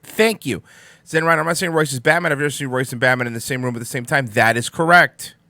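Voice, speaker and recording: A man's voice: mid-range voice, fast, sharp tone, no room sound. A young man hosting a casual morning live stream, rambling and sarcastic, sleepy and yawning, swearing as he answers the chat. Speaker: host of a live-streamed morning talk show.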